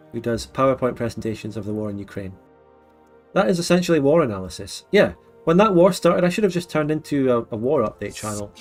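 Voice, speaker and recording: A Scottish man hosting a relaxed late-night livestream, chatting frankly and laughing often. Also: mid-range voice. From Scotland. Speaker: livestream host. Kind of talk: casual late-night stream chat.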